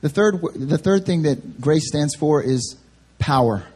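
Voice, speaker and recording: A young adult male pastor preaching a sermon at a church service, telling a funny story about himself in an animated way. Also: a little high, measured pace, breathy edge. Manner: animated, self-deprecating storytelling. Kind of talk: sermon with humorous personal story.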